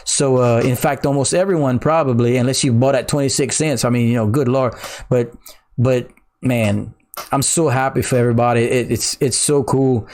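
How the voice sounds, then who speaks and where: A middle-aged man from Louisiana with a Cajun accent, chatting casually on a crypto livestream, reading viewer comments in an excitable, slangy way. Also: medium pitch, normal speed, slight background noise. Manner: excitable, laughing, slangy, says "bruh".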